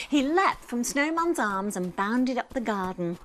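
Slow, gentle woman reading a bedtime story. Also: a little high. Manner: gentle, soothing, expressive.

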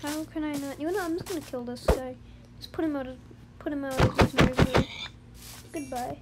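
A high-voiced young gamer chatting casually and humming little tunes while playing on a phone. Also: steady tone, fairly quick, very noisy. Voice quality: high-pitched voice. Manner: chatty, rambling, with playful sing-song humming. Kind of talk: casual let's-play commentary.

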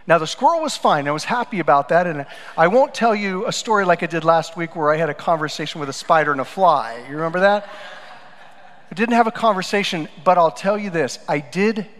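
A man's voice: lively intonation, fairly quick. Man preaching a sermon in a reverberant church. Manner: storytelling, swings between loud emphatic lines and quiet low asides. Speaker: pastor. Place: church sanctuary. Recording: church hall with long reverb.

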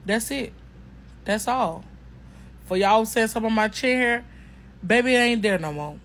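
A woman's voice: on the high side, moderate pace, a bit bright, a little hiss or hum, poor audio. A woman chatting emphatically to her viewers in a casual testimonial vlog, repeating herself and speaking in an informal, slangy way. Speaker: customer sharing a product testimonial.

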